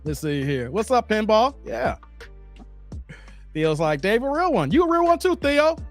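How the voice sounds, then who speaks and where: A man around forty hosting a casual livestream, slangy and animated, laughing and chatting with viewers. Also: high-pitched, a little slow, soft background music. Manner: animated, slangy, laughs often, chats with the chat. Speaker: livestream host. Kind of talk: casual livestream chat reading viewer comments.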